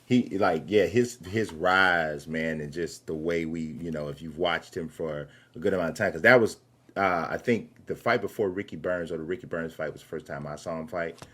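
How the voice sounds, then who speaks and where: A man's voice: deep voice, normal speed, fairly bright tone. A man interviewing a guest, talking in an easygoing, agreeable way with a lot of "yeah.". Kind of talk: casual interview chat.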